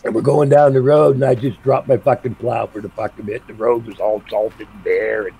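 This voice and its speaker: A man's voice: mid-range voice, steady tone, a little fast, creaky, few pauses, warm tone, slightly rough, poor audio. A middle-aged man streaming a game, telling blunt, profane stories in casual chat. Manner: blunt, profane storytelling with laughs. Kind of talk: casual chat while gaming.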